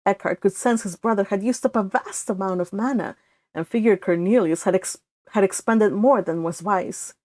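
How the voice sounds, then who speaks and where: A woman narrates her own fan fiction in a steady read-along style. Her pitch sits in the middle range. The sound is close and dry. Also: normal speed, no room sound. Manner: steady storytelling with occasional slips. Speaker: fan fiction author reading aloud.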